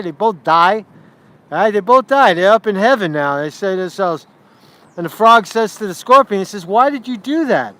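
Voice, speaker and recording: A man's voice: fairly high pitch, fairly bright tone. Profane, rambling man on a street livestream. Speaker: street reporter and livestream host. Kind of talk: casual livestream vlog. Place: outdoors in a city park.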